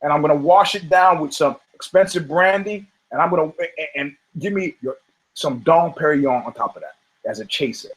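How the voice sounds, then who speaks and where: A man's voice: on the high side, fairly quick, lightly acted. A man voicing a male horse at a bar, ordering expensive drinks in a grand, demanding way.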